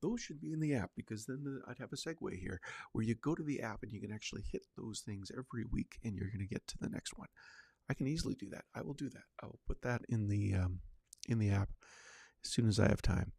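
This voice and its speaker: A man's voice: fairly low pitch, fast, vocal fry, dark tone, breathy edge, dry recording. A male podcast host chatting casually on his own, rambling with lots of fillers and restarts. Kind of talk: casual solo livecast chat.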